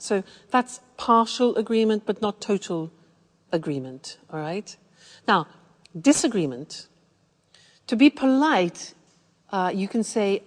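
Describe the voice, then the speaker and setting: A woman English teacher slowly explaining and demonstrating everyday phrases. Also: medium pitch, very animated, long reverb tail. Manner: slow, clear, demonstrating example phrases. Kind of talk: language lesson explanation.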